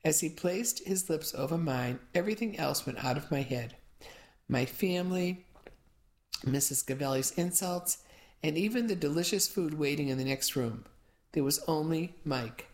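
Low-voiced woman narrating an audiobook. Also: normal speed. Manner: steady storytelling. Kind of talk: first-person audiobook narration.

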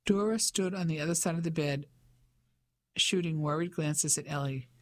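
An audiobook narrator reading in an even, measured way. The pitch sits in a middle range. The storytelling is steady and unhurried. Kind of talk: scripted narration.

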